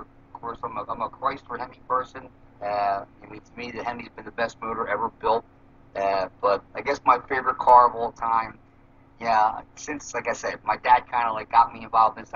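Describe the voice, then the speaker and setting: A man's voice: medium pitch, a bit bright. A man being interviewed about drag racing, talking casually and rambling with many fillers. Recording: slightly dull with faint noise.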